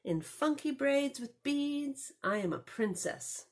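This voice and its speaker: A woman librarian reading a picture book aloud to children, expressive and storytelling, with chatty asides. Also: sits high, slow pace, slight background noise.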